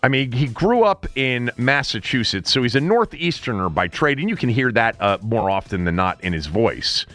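A man hosting a sports talk show, chatting casually with quick laughing asides. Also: mid-range voice, very animated, a bit bright, soft background music. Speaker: radio host.

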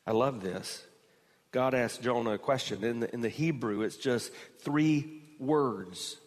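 A man preaching a sermon as pastor, moving from slow, quiet phrasing to raised, emphatic delivery. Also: mid-range voice, in a large hall.

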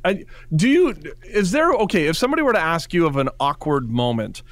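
A man joining a podcast as a guest correspondent, chatting in an animated, joking way. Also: on the high side, fairly quick, dry recording. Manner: animated, jokey, slips into silly voices. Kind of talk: casual chat.

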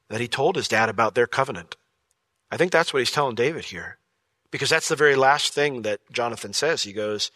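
Pastor giving a conversational sermon, bright and close in a dry room. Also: male voice, medium pitch, dry recording. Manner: lively, conversational, with jokey asides and acted-out quotes.

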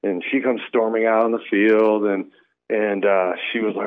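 A man calling in as a radio guest, telling stories in a relaxed way with lots of fillers. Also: lowish voice, fast. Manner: relaxed, storytelling, many fillers. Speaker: guest, former pro baseball player. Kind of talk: casual radio interview. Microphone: phone line. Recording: tinny phone line.

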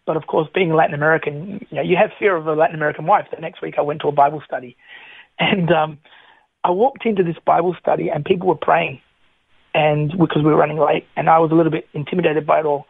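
Middle-aged man, radio guest, animated storyteller, somewhat high voice, tinny phone-line sound. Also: fairly quick, gravelly, dry recording. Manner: animated, chatty, frequent restarts. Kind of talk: personal testimony storytelling.

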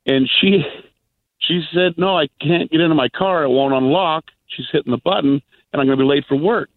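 A man's voice: a little high, no echo. Rambling male caller on a phone line. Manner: rambling, halting. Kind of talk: telling an anecdote.

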